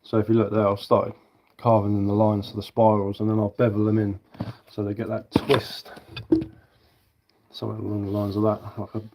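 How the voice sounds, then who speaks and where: A man's voice: on the low side, completely flat delivery, brisk, noisy background. A man with a southern English accent chatting casually on a live stream as he carves wood, rambling and answering viewer comments while he works.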